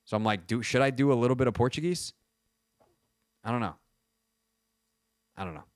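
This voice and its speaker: A man's voice: medium pitch, fairly quick, smooth, no room sound. A man hosting a sports radio show, telling stories in a casual, rambling way and poking fun at himself, on a studio microphone. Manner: rambling, self-mocking storytelling.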